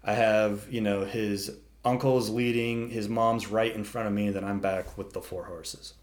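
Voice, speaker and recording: A man telling a long story in casual chat, animated and swearing freely as he acts out the animals. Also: lowish voice, unhurried.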